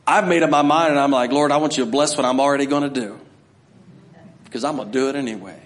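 A man's voice: medium pitch, quick pace. A middle-aged man preaching a sermon to his church, talking conversationally and acting out scenes. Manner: conversational preaching, acts out voices, builds to shouting. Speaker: pastor.

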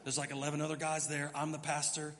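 Animated pastor in a reverberant church. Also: male voice, fairly high pitch, fast talker. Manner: animated storyteller, acts out his own panicked thoughts. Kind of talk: sermon storytelling. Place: church sanctuary. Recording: long hall reverb.

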